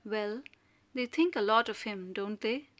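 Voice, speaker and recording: A timid middle-aged neighbour in an audiobook play, speaking nervously in a soft, hushed, half-whispered voice, as a woman reader plays her. Her tone is bright, and her words come slowly. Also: medium pitch, close to an everyday voice.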